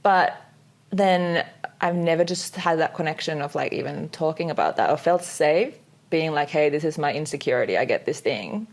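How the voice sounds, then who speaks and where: Chatty young woman, lowish voice. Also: moderate pace. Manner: chatty, full of "like" fillers, giggly. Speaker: podcast co-host. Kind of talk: casual chat.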